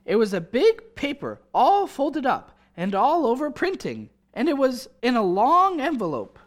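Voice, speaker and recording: An actor playing a flustered, excitable husband and father in a 1940s radio drama. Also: very high voice, unhurried, full character voice. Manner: flustered, exclaiming.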